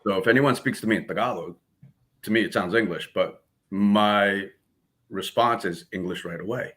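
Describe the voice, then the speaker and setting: A man with a New Jersey accent speaks in a low, forceful, bright-edged voice. He tells stories in a relaxed way, laughing often and playing out the lines of other people. He sounds like a guest on a casual interview. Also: moderate pace. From Philippines. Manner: laid-back, laughing, acts out quoted dialogue. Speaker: guest martial arts instructor.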